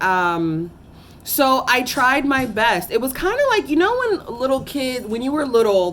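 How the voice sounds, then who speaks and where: Young woman telling her story, emotional, lots of ums and restarts, mid pitch. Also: slight background noise. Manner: earnest and emotional, halting with many fillers and restarts. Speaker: teacher. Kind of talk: personal storytelling to camera.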